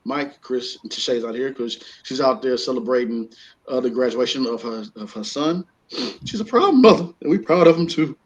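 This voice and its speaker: A man's voice: medium pitch, moderate pace. A man hosting a casual comedy podcast, joking and acting out little scenes. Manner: animated, acts out voices while joking. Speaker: podcast host. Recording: slightly dull lo-fi sound.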